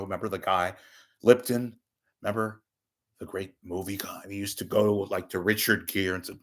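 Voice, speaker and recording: Profane wisecracking older man, lowish voice. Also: moderate pace. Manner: profane, wisecracking, rambling with loud bursts and muttered asides. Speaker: media commentator. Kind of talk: off-the-cuff monologue. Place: at home.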